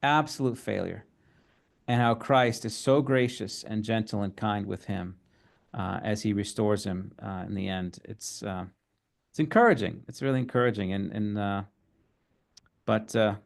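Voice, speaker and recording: Soft-spoken man leading a Bible study. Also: fairly low pitch, vocal fry. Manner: thoughtful, halting, many fillers. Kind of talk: casual teaching talk.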